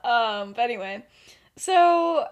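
A woman's voice: a little high, lively intonation, takes it slowly. A young woman casually retelling a story on a podcast, laughing often and filling her speech with "like". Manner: giggly, laughs through her sentences, heavy use of "like". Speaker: podcast co-host.

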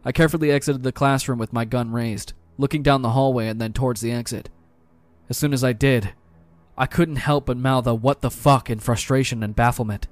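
Man narrating a tense horror story. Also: mid-range voice. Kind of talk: scripted first-person horror narration.

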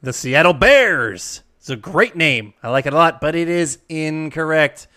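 Lively, playful quiz host. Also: medium pitch, unhurried. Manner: playful, jokey, animated. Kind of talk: upbeat quiz hosting.

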